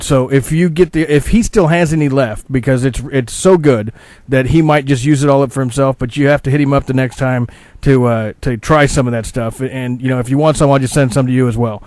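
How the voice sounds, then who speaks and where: A man's voice: medium pitch, a little fast, darkish tone, no room sound. A man hosting a radio interview, asking questions in a friendly, rambling and hesitant way.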